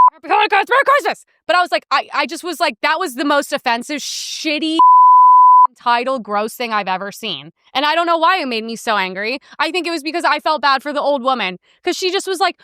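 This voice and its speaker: A young woman hosting a podcast, ranting in casual profane commentary and mimicking people in sharp outbursts. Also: sits high, animated, fairly quick, dry recording, studio quality. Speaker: podcast host.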